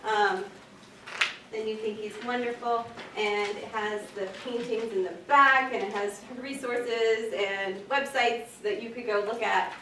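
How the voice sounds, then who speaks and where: A children's librarian gives a casual workshop presentation in a bright, fairly high voice, chatty and animated, a little slow, and packed with fillers like "um" and "like". The mic is distant, so she sounds set back in an echoey library meeting room with faint hiss behind her.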